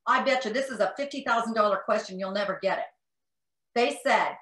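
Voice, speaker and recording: Woman, middle-aged, parenting talk, animated, bright voice, echoey room. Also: a little high, fast talker. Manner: animated, acts out parent and child dialogue. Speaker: parenting expert speaker.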